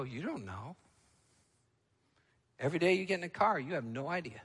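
A male pastor preaching a sermon, emphatic, moving between loud, ringing lines and quiet, low ones. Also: expressive, moderate pace, husky, in a large hall.

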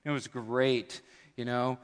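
A man preaches in a church with a mid-range voice, telling a lighthearted story as a sermon illustration and slipping into quick impressions of the people in it. His voice rings out with the long reverb of a large hall. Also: medium pitch, level tone, smooth. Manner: humorous storytelling with acted-out voices. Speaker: pastor. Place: church sanctuary.

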